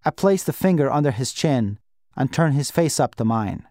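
A man reading a novel aloud in first person, quiet and measured. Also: mid-range voice, lively intonation, no echo, clean studio sound. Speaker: audiobook narrator.

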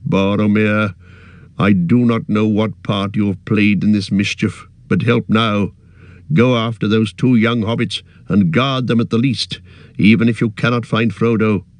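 Casting: man as a stern, noble ranger, low voice, dry close read. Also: fairly even intonation, dry recording, close to an everyday voice. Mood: grave. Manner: grave, measured and commanding. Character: noble commanding male ranger, grave and stern. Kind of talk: audiobook character voice.

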